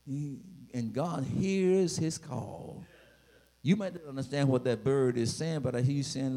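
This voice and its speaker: Gravelly, animated man preaching a sermon. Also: on the high side, unhurried. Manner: dramatic, rising to shouts, playful asides.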